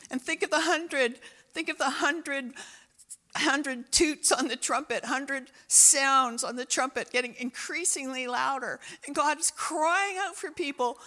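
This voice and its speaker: Bright, gravelly woman preaching a sermon. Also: sits high, measured pace. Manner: impassioned, repeats phrases for emphasis. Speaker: pastor. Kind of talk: sermon with prayer.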